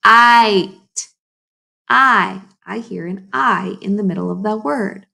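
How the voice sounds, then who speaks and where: A woman teaching a phonics lesson to young children, sounding words out slowly and asking the class encouraging questions. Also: mid-range voice, vocal fry, pushed and bright. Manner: slow, exaggerated sounding out of words.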